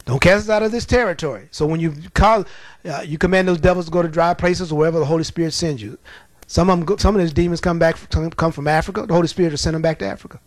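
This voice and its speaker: A male preacher delivering a lively, folksy sermon, telling stories with laughter and reading scripture slowly. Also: on the high side, no room sound. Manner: animated, folksy, laughing at his own stories; reads scripture slowly and deliberately.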